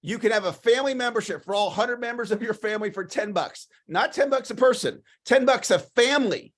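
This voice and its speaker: Man, motivational livestream talk, high voice, enthusiastic, repeats himself, clears his throat. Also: a little fast. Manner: enthusiastic, repetitive, coaching. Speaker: sales coach.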